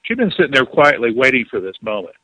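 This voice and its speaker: A man, a guest author, telling a story in an interview with animated delivery, acting out quotes. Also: medium pitch, quick pace, no echo, poor audio.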